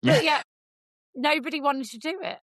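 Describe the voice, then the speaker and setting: A woman with an English accent, co-hosting a podcast and telling a story in casual, lively chat, jumping into high voices for quotes. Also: fairly quick, dry recording. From England. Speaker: podcast co-host.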